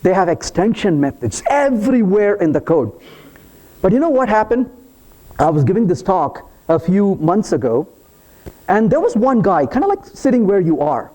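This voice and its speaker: A man speaks at a conference, walking the audience through code in a playful, teasing way. His voice sits high and leaps widely in pitch, and his tone stays soft and mellow rather than bright. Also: sing-song, moderate pace. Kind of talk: live technical talk to an audience. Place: conference hall.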